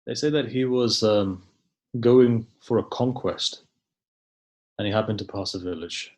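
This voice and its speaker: Low-voiced man telling a sermon story. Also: a little slow, a little mellow. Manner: conversational, tells stories with frequent "you know" asides. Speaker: religious scholar giving a sermon.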